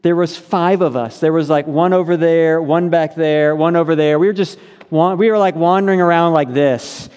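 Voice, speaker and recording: A man's voice: fairly high pitch, steady tone, moderate pace, darkish tone, clear, resonant tone, big-room sound. A man preaching a sermon to his congregation in a conversational, earnest way, with many fillers. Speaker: pastor. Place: church sanctuary.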